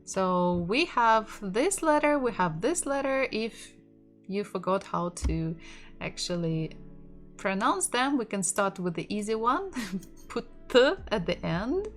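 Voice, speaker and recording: Slow, patient Russian-accented woman teacher. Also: medium pitch, big pitch swings. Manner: patient, explains slowly, laughs softly now and then. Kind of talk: online language lesson. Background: soft lo-fi music.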